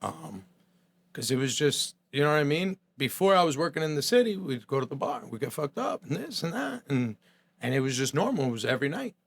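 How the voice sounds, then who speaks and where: A man's voice: a little high, big pitch swings, a little fast, creaky. Blunt streetwise man telling stories. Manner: blunt, streetwise, acts out quoted voices. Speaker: podcast guest, chef. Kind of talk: candid storytelling with profanity.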